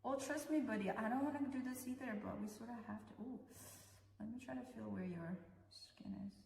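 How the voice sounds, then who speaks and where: A woman's voice: a little high, brisk, creaky, a little mellow, far from the mic, slight background noise. A young woman vlogging in casual chat as she grooms her cat, mixing English and Russian, fussing over the animal. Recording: echoey room, voice from off-mic.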